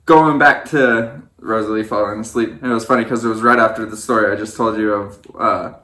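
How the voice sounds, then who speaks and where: A man's voice: a little fast, roomy sound. A young man casually recounting his wedding day as a storytime, acting out what people said. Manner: animated storyteller, acts out quotes in a higher voice.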